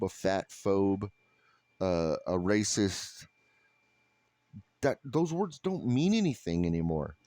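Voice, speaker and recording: A man delivering a blunt, sarcastic, profane rant to camera in a flat, unhappy-sounding voice. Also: on the low side, no echo. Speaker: vlogger. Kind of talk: ranting monologue to camera.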